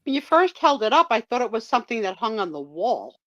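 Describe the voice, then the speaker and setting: A woman's voice: on the high side, big pitch swings, brisk, fairly bright tone, no echo. A woman chats during a live vintage sale, greeting viewers and remarking on the items in a friendly way. The sound is dry and dull, with a lo-fi tone.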